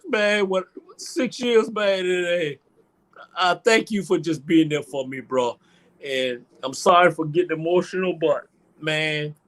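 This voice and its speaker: An older man hosting a show, crying as he gives a halting, emotional tribute and often repeats his words. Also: fairly high pitch, a bit bright. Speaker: show host.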